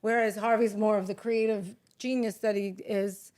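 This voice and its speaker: A woman in casual chat, telling a story briskly, quoting what others said and swearing casually. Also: mid-range voice, fairly even intonation, a little mellow. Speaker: podcast guest.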